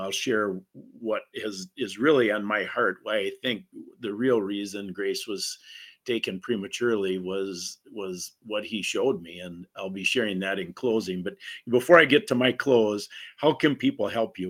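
Earnest, low-voiced male host. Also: a bit bright, slightly rough. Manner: earnest, deliberate, faith-based talk. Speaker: podcast host. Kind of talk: conversational interview.

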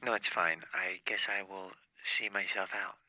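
A man's voice: low-pitched, flat delivery, moderate pace, bright, forceful tone, no echo, pitched below the performer's own voice, poor audio. A man voicing a sulky man who walks out of his own house mid-call to make a point. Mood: huffy. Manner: sulky, theatrical.

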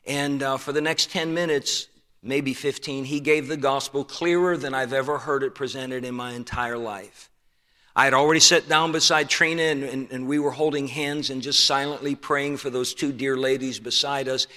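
An older man preaching in a church, his bright, forceful voice carried by a long hall reverb. He tells a personal story earnestly and lets his voice sink quiet and slow at the tender parts. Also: mid-range voice, steady tone. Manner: earnest storytelling, drops soft and slow at emotional moments. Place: church sanctuary.

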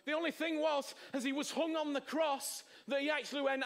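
High-voiced male preacher, swinging loud and soft. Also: moderate pace. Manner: emphatic, rhetorical questions, swings from loud to hushed. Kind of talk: sermon.

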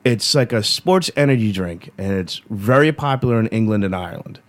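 A man's voice: fairly low pitch, lively intonation, brisk. A man co-hosting a podcast who tells rambling stories in casual chat and swears often. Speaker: podcast co-host.

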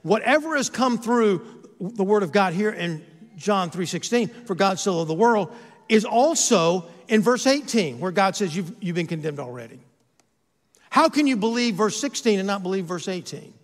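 A man's voice: high voice, expressive, moderate pace, in a large hall. A man who is a pastor, preaching a sermon and asking his listeners rhetorical questions, his volume rising and falling.

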